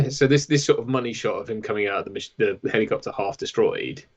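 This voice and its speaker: A man nitpicking a film in a relaxed chat with a friend. His humour is dry and he laughs readily. He is recorded on a lapel mic. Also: fairly low pitch, fast. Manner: wry, nitpicking, laughs often. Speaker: film commentary co-host. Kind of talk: casual watch-along chat. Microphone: lavalier.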